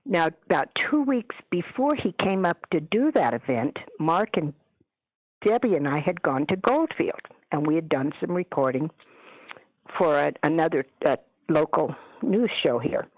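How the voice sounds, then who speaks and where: A woman telling stories as a guest in a radio interview, chatty and animated, acting out what people said. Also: low voice, normal speed, no room sound. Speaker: guest, paranormal author. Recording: dull lo-fi radio audio.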